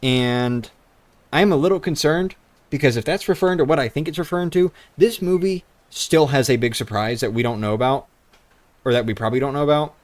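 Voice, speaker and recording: A man's voice: medium pitch, a little fast. A young man streaming live, rambling casually into a handheld microphone, swearing now and then. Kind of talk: casual livestream chat.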